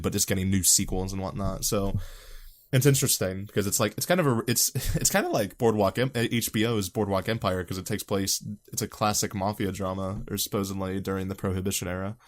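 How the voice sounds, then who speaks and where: Low-voiced, profane man chatting. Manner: loose, profane, excitable rambling. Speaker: podcast co-host. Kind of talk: casual chat.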